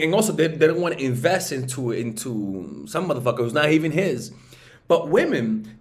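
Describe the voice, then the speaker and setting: A man talking casually as a dating coach. He is blunt and profane, keeps checking for agreement with "okay?" and "right?", and gets louder and higher as he pushes a point.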